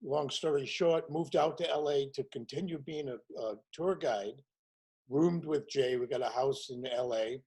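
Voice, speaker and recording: Husky man telling show business stories. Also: mid-range voice, a little slow, rough recording. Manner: animated storyteller acting out quotes in other voices. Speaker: guest, warm-up comedian. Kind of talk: casual storytelling chat.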